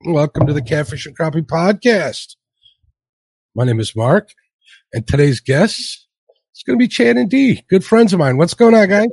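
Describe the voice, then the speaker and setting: A man's voice: a little high, very animated, moderate pace, gravelly, a little mellow, husky, no room sound, clean studio sound. A man hosting a casual podcast livestream, who stumbles over his words and restarts while reading out viewer comments. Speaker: podcast host.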